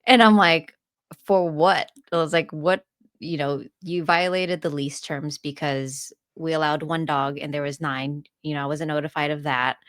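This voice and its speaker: Low-voiced woman telling a story. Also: moderate pace, dry recording, clean studio sound. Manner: laughs often, animated retelling. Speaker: podcast co-host and landlord. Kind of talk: casual storytelling chat.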